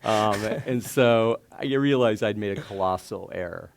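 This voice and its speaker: A low-voiced man with a gravelly edge, telling stories onstage as a guest at a live event. He talks in an animated way, laughs often and restarts his sentences a lot. He is middle-aged. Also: unhurried, slight background noise. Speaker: startup founder and guest. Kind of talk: casual onstage storytelling. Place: stage before a live audience.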